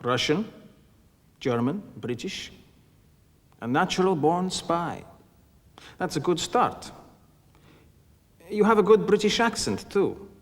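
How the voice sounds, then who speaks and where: Stern soviet recruiter, formal, deliberate, long room echo. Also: male voice, sits high, lively intonation. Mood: commanding. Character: stern Soviet intelligence recruiter, commanding middle-aged man. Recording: reverberant room.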